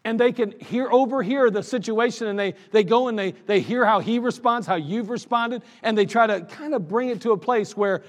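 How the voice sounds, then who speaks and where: A man's voice: high-pitched, normal speed. A man preaching a sermon as pastor, in a conversational style, reading scripture aloud and acting out little everyday scenes. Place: church sanctuary. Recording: long reverb of a church sanctuary.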